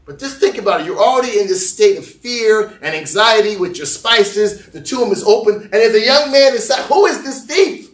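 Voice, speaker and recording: A male pastor preaching a lively sermon, acting out voices and joking with the congregation. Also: high voice, moderate pace, hardly any pauses, echoey room, far from the mic. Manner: animated, acts out voices, jokes with the congregation. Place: church sanctuary.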